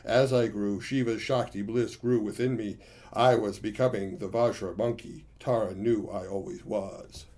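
A man's voice: lowish voice, steady tone, moderate pace, a little mellow, natural voice. A gleeful, boastful monkey warrior, voiced by a man, spinning a tale of his own battle. He talks to his listeners as friends and plainly enjoys his own bragging.

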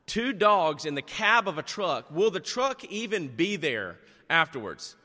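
A middle-aged man preaching a sermon, telling stories in an animated, chatty and self-deprecating way. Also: fairly high pitch, a little slow. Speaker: pastor. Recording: long echo of a large hall.

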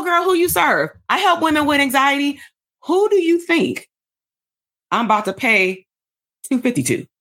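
A woman coaching therapists on building a business. She teaches a live workshop in an energetic, animated way, with casual slangy asides. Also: mid-range voice. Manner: addresses the audience as "y'all".

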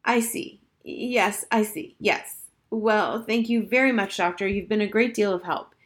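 A woman reading aloud, voicing a fussy, flustered father on the phone, halting and polite. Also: medium pitch, natural voice.

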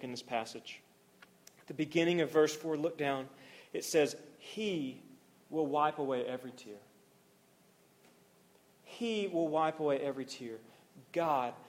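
A young male pastor delivers an earnest sermon in a slightly raised voice. He builds to swelling, emphatic passages, then drops to soft, near-hushed lines. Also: on the high side. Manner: earnest, swings from rising intensity to near-hushed softness.

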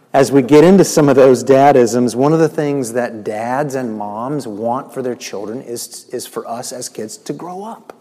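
A man preaching a sermon as pastor, earnest, slowing down and building up for emphasis. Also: medium pitch, in a large hall. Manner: earnest, varies pace and loudness for emphasis.

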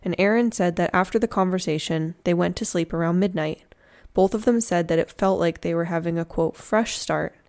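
A woman's voice: on the low side, a little fast, darkish tone. A woman telling a true crime story in a casual, chatty way, with slangy joking asides.

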